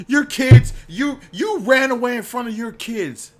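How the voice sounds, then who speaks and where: A man's voice: very high voice, a little slow, few pauses. A man co-hosting a podcast, chatting loosely and laughing as he recaps wrestling, often acting out what wrestlers said. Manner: animated, laughing, swearing, mimicking wrestlers. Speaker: podcast co-host. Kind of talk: casual wrestling recap chat.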